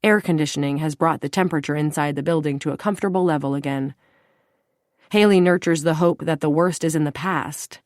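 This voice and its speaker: A woman narrating an audiobook in a steady, even storytelling manner. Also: low-pitched, fairly quick, no room sound, clean studio sound.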